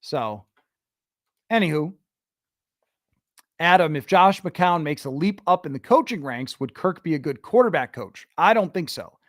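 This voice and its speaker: Male sports podcast host, fairly high voice, chatty and thinking aloud, dry recording. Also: lively intonation, a little slow, long pauses, no room sound. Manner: conversational, thinks aloud with restarts. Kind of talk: casual sports talk reading listener questions.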